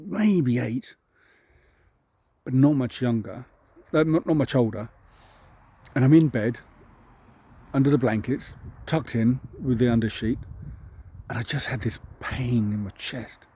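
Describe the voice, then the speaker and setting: A man from England recalls his childhood in a warm, relaxed, slightly husky voice. He rambles and laughs at himself, with the easy pace of someone out walking his dog. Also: medium pitch, a little slow, long pauses. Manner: rambling, self-deprecating, chuckling at his own story. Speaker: vlog host. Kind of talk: casual storytelling.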